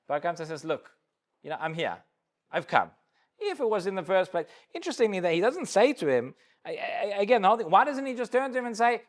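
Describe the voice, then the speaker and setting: A man with a high voice leads a Talmud class, walking his listeners through the story point by point. He acts out each line of dialogue as he goes and often trips over his first words before a thought settles. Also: sing-song, a little fast. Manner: explains step by step, acts out the dialogue in quotes; repeats small words when starting a sentence. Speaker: rabbi teaching a class. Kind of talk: Talmud lecture to a live class.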